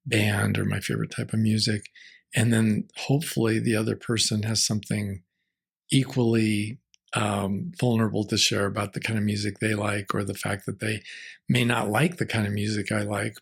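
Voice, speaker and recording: A man speaking as a marriage and family therapist in an interview, measured and reflective, sometimes restarting his sentences. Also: lowish voice, vocal fry, breathy edge. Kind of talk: conversational interview answers.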